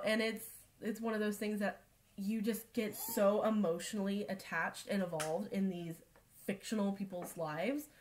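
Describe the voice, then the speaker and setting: A woman's voice: medium pitch, a little hiss or hum. A woman hosting a casual crafting podcast from home, chatting and laughing often. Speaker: podcast host. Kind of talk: casual chat.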